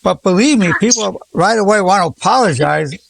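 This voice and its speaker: Gravelly old man leading a group. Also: sits high, expressive, brisk. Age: 80s. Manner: effusive, warmly repeats praise words. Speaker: psychologist leading a group session. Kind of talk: encouraging group talk.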